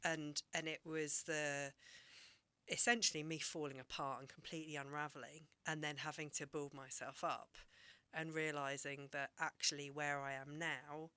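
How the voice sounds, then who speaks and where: A woman, a doctor guest on a podcast, speaking reflectively and candidly, sometimes dropping to a soft near-whisper. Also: sits low, little pitch movement, moderate pace, clear, resonant tone, no echo.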